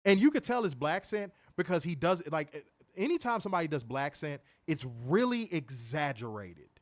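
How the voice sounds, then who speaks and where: A man co-hosting a casual wrestling review podcast, animated, swearing freely and laughing often. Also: a little high, normal speed. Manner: animated, profane, laughs a lot. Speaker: podcast co-host.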